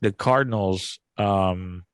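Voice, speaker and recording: Man, podcast host, halting and repetitive, dry close sound. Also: deep voice, smooth, no room sound. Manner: halting, repeats words, steers the talk. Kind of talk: casual sports betting chat.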